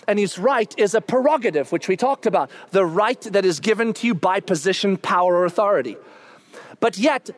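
High-pitched guy preaching, middle-aged, gets loud and shouty when excited. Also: a little fast, no echo. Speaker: pastor. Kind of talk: sermon.

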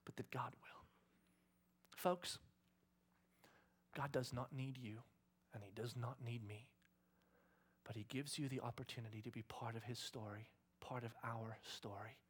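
A middle-aged man delivers a sermon with a husky, slightly breathy voice. He preaches with fervor, swinging between raised, urgent lines and hushed, whispered appeals. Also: medium pitch. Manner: impassioned, dropping often to a breathy whisper. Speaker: pastor.

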